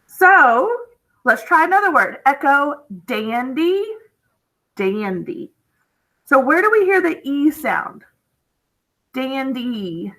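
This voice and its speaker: A woman teaching a spelling lesson, her voice a little high and bright. She speaks very slowly and patiently, drawing out each word so young students can follow. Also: very animated, low-quality recording.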